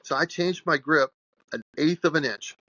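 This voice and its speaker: A man in his sixties, a guest strength coach, telling an animated, rambling story in a podcast interview. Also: a little high, normal speed, dry recording, highs cut off. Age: 60s.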